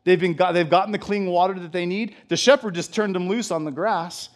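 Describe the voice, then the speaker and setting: A man's voice: high-pitched, a little fast. A man delivering a sermon with a slightly raised voice. He talks conversationally, building fervor and breaking into chuckles, with plenty of restarts along the way. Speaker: pastor.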